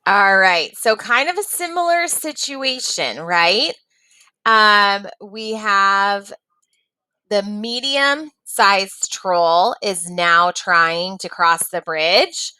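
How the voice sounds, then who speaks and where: A woman teaching a reading lesson, pausing to ask the class encouraging questions. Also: medium pitch, animated, sharp tone, clear, resonant tone, dry recording.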